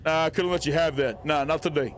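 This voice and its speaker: An excitable man narrates his game live, teasing the characters he meets. His voice sits a little high, and a faint hiss runs underneath. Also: fairly quick. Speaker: streamer. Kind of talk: casual gameplay commentary.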